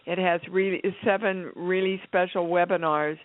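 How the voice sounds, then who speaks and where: A woman's voice: fairly low pitch, steady tone, normal speed. A woman hosting a radio talk show, playful and effusive, chatting casually with fillers. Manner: bubbly, effusive, with fillers and giggles. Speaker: radio show host and channeler. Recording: tinny phone-line radio sound.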